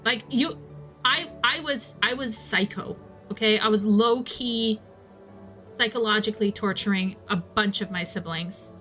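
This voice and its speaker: A woman's voice: medium pitch, unhurried, soft background music. A young woman chatting casually while streaming a game, telling a rambling story with many restarts and asides. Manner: rambling, self-interrupting, animated storyteller.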